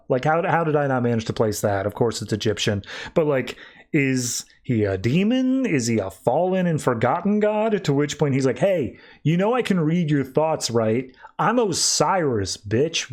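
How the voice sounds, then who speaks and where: A man's voice: mid-range voice, darkish tone. Chatty man recapping comics. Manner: chatty retelling with frequent "like" quotes. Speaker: podcast host. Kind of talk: casual comic book review.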